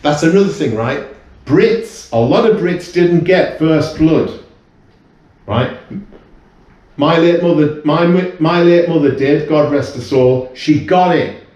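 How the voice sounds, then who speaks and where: A guest in an informal chat, this man from the United Kingdom, in his fifties, has a voice on the high side with a darkish tone and speaks slowly. His talk is heartfelt and rambling, full of restarts. The sound is very echoey, as he's positioned away from the microphone.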